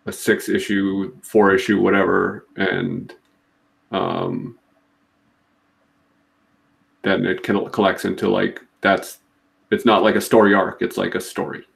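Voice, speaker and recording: A man from Massachusetts co-hosting a casual comic book chat, talking in a halting way with many restarts. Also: low-pitched, little pitch movement, gravelly. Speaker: podcast co-host.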